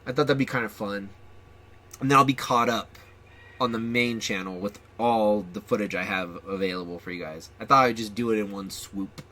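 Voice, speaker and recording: A man's voice: on the low side, normal speed, bright, forceful tone, a little hiss or hum. A man hosting his own gaming channel, chatting casually and rambling with ums and restarts. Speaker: channel host.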